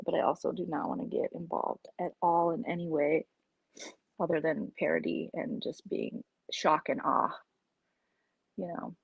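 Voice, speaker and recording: A woman's voice: on the low side, fairly even intonation, moderate pace, vocal fry, breathy edge, no room sound, narrow, tinny audio. A woman vlogger in casual live-stream chat, rambling and opinionated as she reacts to her viewers' comments.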